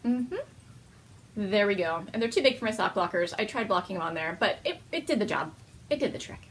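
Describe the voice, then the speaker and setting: A woman's voice: mid-range voice, slight background noise. A young woman hosting a knitting video podcast at home, chatting casually and laughing often.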